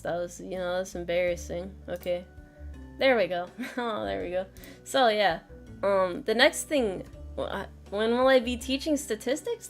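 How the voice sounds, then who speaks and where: A woman streaming a casual math lesson, joking at her own expense, laughing often and swearing casually. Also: on the high side.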